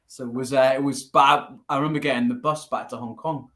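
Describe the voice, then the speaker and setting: A man with a Geordie accent answers a host's questions, spinning lively anecdotes with an easy, storytelling manner. His voice sits at an ordinary middle pitch for a man. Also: rapid-fire, hardly any pauses. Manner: storytelling, animated, laughs easily. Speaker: guest, martial arts teacher. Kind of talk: casual interview.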